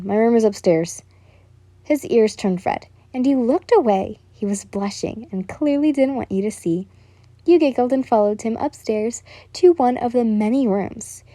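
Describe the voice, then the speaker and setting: Woman reading fan fiction aloud, mellow, slightly high, stumbling, self-correcting, dry close mic. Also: no echo. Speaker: storyteller.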